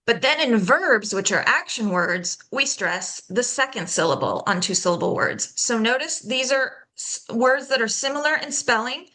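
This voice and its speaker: A woman leading a pronunciation workshop, patiently explaining and slowly demonstrating sounds, checking in often with "okay?". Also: fairly high pitch, animated, sharp tone. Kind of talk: live online workshop teaching.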